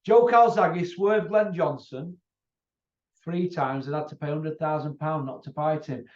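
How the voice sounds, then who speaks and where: A man's voice: fairly high pitch, a little slow. Ranting man, roomy lo-fi sound. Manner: combative, repetitive taunting. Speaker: channel host. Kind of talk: ranting monologue to camera. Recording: roomy, distant, dull lo-fi sound.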